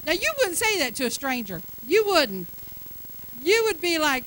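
Woman pastor, middle-aged, high bright voice, preaches with lively acted-out dialogue, faint ambient hum. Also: moderate pace, low-quality recording. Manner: animated preaching, acts out everyday dialogue; soft, hushed invitation at the close. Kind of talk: sermon with altar call.

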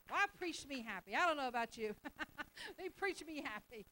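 A woman pastor preaching a sermon in a church, building to loud, fervent declarations and stammering into quick repeats. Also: high voice, expressive, slight background noise, low-quality recording.

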